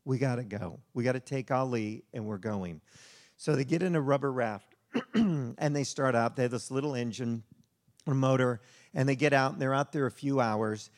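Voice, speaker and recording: A man preaching a sermon to a congregation, telling a story in an animated, conversational way. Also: medium pitch. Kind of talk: sermon with slide show.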